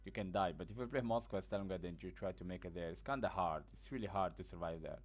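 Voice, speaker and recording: Fast and deep-voiced, a man who makes gaming guides delivers casual, blunt tutorial commentary. He's just woken up and sounds it, rambling along with lots of fillers.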